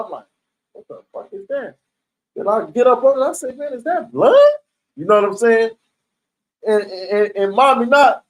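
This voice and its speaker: Young man, high voice, casual storyteller; animated, slangy, acts out the people he quotes. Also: rough recording. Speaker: storyteller recounting prison life.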